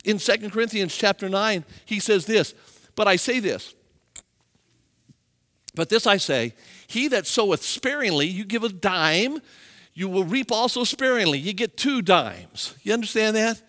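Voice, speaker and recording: Man, pastor, high voice, animated sermon, long church reverb. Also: unhurried. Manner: animated preaching, rising and falling intensity. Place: church sanctuary.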